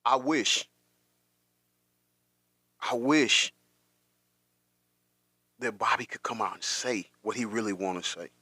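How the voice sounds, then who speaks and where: A man hosts a commentary stream, reacting to clips with rising emotion. His voice sits at an ordinary pitch and comes through dry and close. He circles back and repeats himself as he talks. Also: slow pace, long pauses, sharp tone, husky, no echo. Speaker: host.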